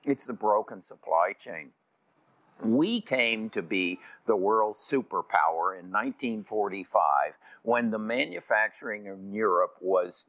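A man's voice: fairly low pitch, a bit bright, no room sound. A man explaining how he invests, often repeating words and restarting his sentences. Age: 70s.

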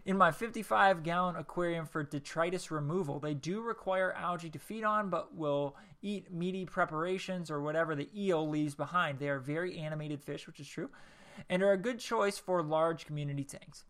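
A man's voice: high voice, moderate pace, a bit bright. A man hosting a casual solo podcast, reading text aloud in a rambling, jokey way and tripping over words. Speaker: podcast host.

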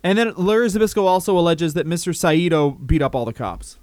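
A man co-hosting a comedy podcast tells a long, rambling anecdote, laughing and swearing along the way. His slightly high voice is smooth and clear, recorded dry and close. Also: brisk, a little mellow, no room sound. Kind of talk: casual comedic chat.

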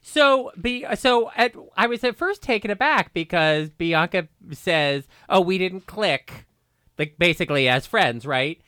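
A man's voice: high-pitched, measured pace, few pauses, sharp tone, clean tone, no room sound, studio quality. A man chatting as a podcast guest, rambling and gossipy with self-mocking humor. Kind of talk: casual comedic chat.

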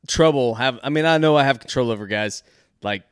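A man's voice: medium pitch, brisk, clear, resonant tone, dry recording, clean studio sound. A man co-hosting a casual podcast, joking crudely, rambling and laughing often. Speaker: podcast co-host. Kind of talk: casual chat.

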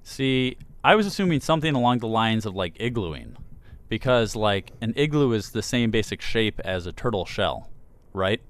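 A man's voice: on the low side, very animated, normal speed. A man hosting a casual podcast chat, reading listener emails and rambling with chuckles. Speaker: podcast host.

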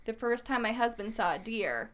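Woman, podcast chat, lively anecdotes, acts out quotes, slightly high voice. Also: moderate pace. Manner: animated storyteller, acts out quotes. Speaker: podcast co-host. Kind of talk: casual chat.

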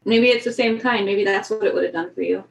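A woman's voice: mid-range voice, quick pace, creaky. Upbeat female player, chatty, room echo around her voice. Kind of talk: tabletop role-play.

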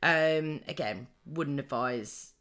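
A woman's voice: deep voice, slow, fairly bright tone. A woman co-hosting a podcast in casual chat, talking freely with many ums and restarts. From United Kingdom. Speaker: podcast co-host.

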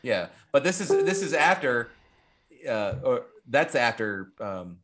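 A man co-hosting a casual film podcast, excitedly recapping scenes, acting out characters' lines and swearing freely. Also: medium pitch, takes it slowly, a crowd in the background. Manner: animated storyteller, acts out quotes, swears freely. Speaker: podcast co-host. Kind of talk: casual movie podcast chat.

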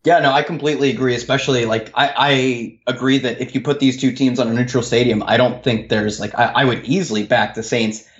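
A man co-hosting a sports betting podcast, laid-back and agreeable, often pausing with fillers. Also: mid-range voice, steady tone, fairly bright tone, echoey room, muffled recording. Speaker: podcast co-host.

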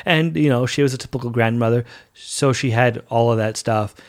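A man's voice: mid-range voice, fairly quick. A young man hosting a casual solo podcast, talking in a chatty, rambling way. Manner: chatty and rambling, with goofy put-on voices. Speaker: podcast host.

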